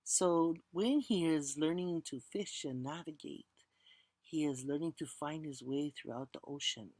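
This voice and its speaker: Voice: mid-range voice, darkish tone, dry recording. A teacher telling a legend as a lecture, reciting chant lines and then explaining them plainly, and inviting the audience to repeat words. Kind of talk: storytelling lecture.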